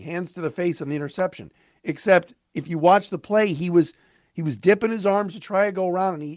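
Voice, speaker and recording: A man hosting a sports podcast, ranting excitedly with stumbling restarts, his voice cracking. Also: high voice, no room sound, studio quality. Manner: fired-up, rapid, stumbling restarts.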